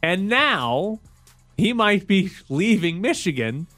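A man's voice: high voice, soft background music. A man hosting a sports radio show, chatting casually and joking about football news. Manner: quick, joking, animated.

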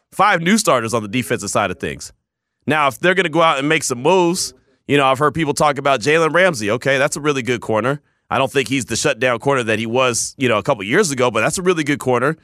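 A man hosting a sports talk radio show, emphatic and animated, often repeating words as he argues. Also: medium pitch, no room sound, studio quality.

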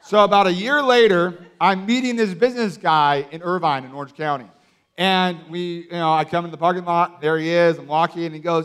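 A man delivers a sermon as a lively story. His voice sits high for a man, and he talks casually with lots of fillers. He acts out the people in his story with sudden loud bursts. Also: fairly quick, clear, resonant tone. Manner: animated, acts out quotes with loud outbursts. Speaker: preacher.

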